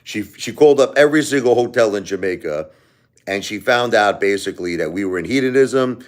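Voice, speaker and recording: A man's voice: fairly low pitch, expressive, brisk. A man hosting a live stream, telling a story in a casual, jokey, rambling way.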